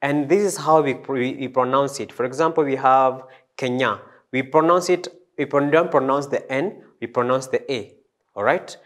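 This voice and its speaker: A man teaching a French language lesson, slow and hesitant, with many fillers and restarts. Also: mid-range voice. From East Africa. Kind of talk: classroom lesson.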